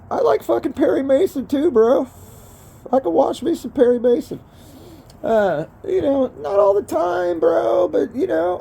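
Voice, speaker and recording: An older man talks in a mellow, warm voice. He rambles along casually and swears a lot, calling the viewer bro and man. He is recording outdoors, sitting by a fire. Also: very high-pitched, gravelly, breathy edge. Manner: profane, rambling, keeps saying bro and man. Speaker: vlogger.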